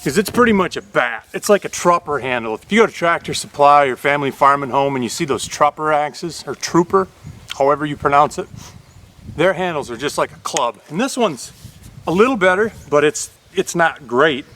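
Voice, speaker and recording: Bright, folksy man vlogging. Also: a little high, animated, fairly quick. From Upper Michigan. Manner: plain-spoken, chatty, folksy. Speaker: YouTube host reviewing an axe. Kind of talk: casual vlog talk.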